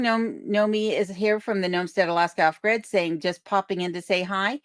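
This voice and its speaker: A woman's voice: mid-range voice, fairly even intonation, moderate pace, dry recording, studio quality. A woman hosting a casual livestream, reading viewer comments aloud and thanking people in a chatty way, from her home. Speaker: livestream host. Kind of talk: casual live chat. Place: remote home in Alaska. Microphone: desk microphone on a boom arm.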